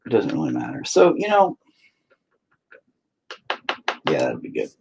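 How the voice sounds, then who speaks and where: A man's voice: lowish voice, wildly swooping pitch, fast talker, gravelly, a little mellow, slightly rough, low-quality recording. A man chatting casually and crudely while he paints, rambling and joking with lots of swearing. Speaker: painter streaming his work.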